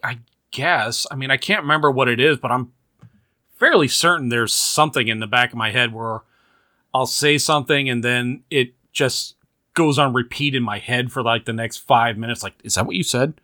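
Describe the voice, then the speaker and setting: A man from the American South chats on a podcast with a bright, forward voice. He tells stories in an easygoing, playful way, at a mid pitch. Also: moderate pace. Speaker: podcast co-host. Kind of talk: casual chat.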